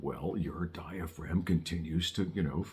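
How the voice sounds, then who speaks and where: A man's voice: extremely low pitch, measured pace, darkish tone. A man teaching saxophone in a casual video lesson, talking in a chatty, folksy way with self-deprecating asides. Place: Southern California.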